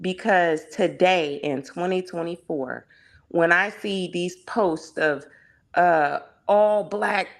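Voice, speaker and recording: A woman in a casual panel discussion, her voice sitting on the lower side and moving at an unhurried pace. She argues with passion and fires off rhetorical questions one after another. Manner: impassioned, heavy on rhetorical questions.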